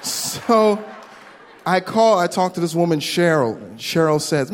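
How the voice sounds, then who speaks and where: A man doing a stand-up comedy set, telling a story with quick voice impressions into a handheld stage mic at a live venue. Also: sits high, animated, some chatter behind. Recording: long hall reverb, faint room noise.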